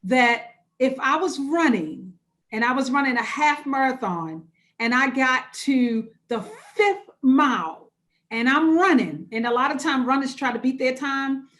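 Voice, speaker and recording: A woman pastor runs an interactive church webinar over a video call, speaking conversationally and repeating key phrases for emphasis. Her voice sits high with a fairly bright tone, and she talks a little slowly.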